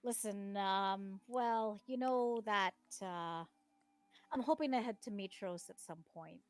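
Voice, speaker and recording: A woman speaking in character during a tabletop game, hesitant and halting with plenty of ums. The recording is dry and close, with faint music underneath. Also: mid-range voice, no echo. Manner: hesitant, halting, many fillers. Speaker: player.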